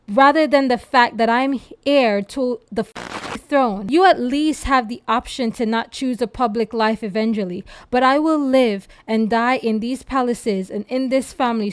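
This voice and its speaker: A woman's voice: fairly high pitch, clean tone, no echo, lightly acted. A woman reading as a bitter young royal heir. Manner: heated, swearing outburst.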